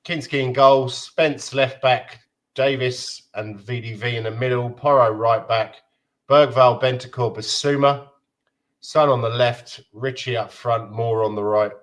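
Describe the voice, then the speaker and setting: A man hosts a relaxed football fan chat. His pitch sits in the middle range. He rambles, and his talk is full of fillers and restarts. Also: measured pace. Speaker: host of a football fan show. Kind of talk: casual chat about football.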